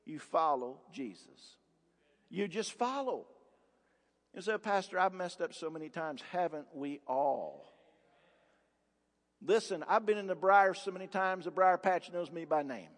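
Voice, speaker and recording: A man with a high, light voice preaches a sermon from the pulpit, pressing his points with rhetorical questions and hammering repetitions. His words ring out with a long, lingering reverb from a large church hall. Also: lively intonation, a little slow, pauses often. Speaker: pastor. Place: church sanctuary.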